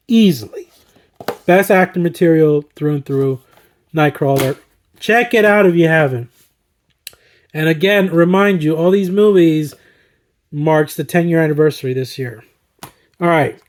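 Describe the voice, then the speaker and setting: Slightly hoarse dude gushing about movies, kinda high voice, lots of ums and laughs. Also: male voice, darkish tone. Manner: enthusiastic, rambling with fillers and chuckles. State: slightly hoarse, throat recovering. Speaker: movie collector and vlogger. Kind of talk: casual movie-ranking commentary.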